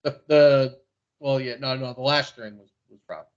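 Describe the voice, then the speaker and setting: A man's voice: medium pitch, steady tone, normal speed, smooth, muffled recording. A man co-hosting a podcast, teasing the others with dry humor. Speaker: podcast co-host. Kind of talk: casual banter.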